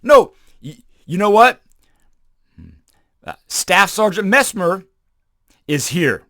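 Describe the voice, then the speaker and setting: A man hosting a motivational talk show, telling Army stories in a punchy, emphatic way with sudden loud bursts, often repeating phrases for emphasis. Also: sits high, lively intonation, slow pace, no echo, clean studio sound. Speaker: podcast host and former Army sniper. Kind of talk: motivational storytelling monologue.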